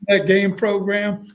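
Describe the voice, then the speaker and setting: Man, middle-aged, animated storyteller, high voice. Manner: animated storyteller, acts out quotes. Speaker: guest, college football coach. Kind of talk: casual storytelling interview.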